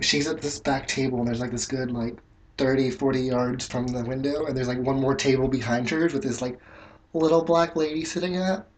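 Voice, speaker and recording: A man's voice: mid-range voice, a little mellow, a little hiss or hum. A man telling a story in a loose, rambling way while doing his makeup, with lots of fillers and some cursing. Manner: rambling, filler-heavy, frank and profane. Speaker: makeup vlogger.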